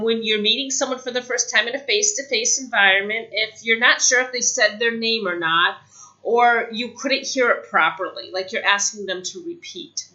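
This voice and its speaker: A woman giving a casual spoken English lesson, chatty, saying example phrases slowly. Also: a little high, pushed and bright, dull audio. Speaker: English teacher.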